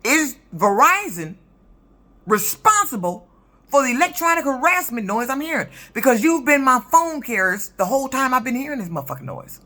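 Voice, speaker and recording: A woman's voice: high voice, sing-song, normal speed, pushed and bright. A woman in her fifties, a truck driver, telling a story in an indignant, profane, emphatic rant for her vlog. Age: 50s.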